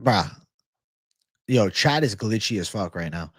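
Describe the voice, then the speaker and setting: A man's voice: on the low side, animated, measured pace, fairly bright tone, husky, no room sound, clean studio sound. A man hosting a live stream with betting picks, talking casually with lots of swearing and hype, reacting to the chat. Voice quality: profane, hyped, chatty, reacts aloud to live chat. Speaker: livestream host giving betting picks.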